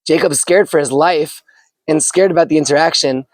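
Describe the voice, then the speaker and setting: A man giving an earnest, animated storytelling sermon. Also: a little high, brisk, no room sound, rough recording. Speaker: teacher giving a weekly Torah talk.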